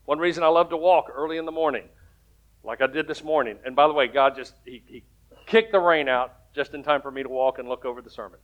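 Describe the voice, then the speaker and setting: A man's voice: medium pitch, fast talker, narrow, tinny audio. A man preaching a sermon as pastor, telling stories in a conversational way and rising to emphatic points.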